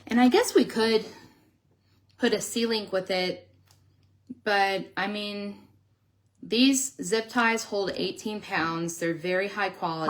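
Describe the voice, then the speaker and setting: A woman's voice: mid-range voice, slow, pauses often, fairly bright tone. A woman hosting a casual live stream from home, chatting with her viewers while she builds a pet toy. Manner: chatty, talks to her viewers and scolds her dogs. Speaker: sugar glider breeder and live stream host.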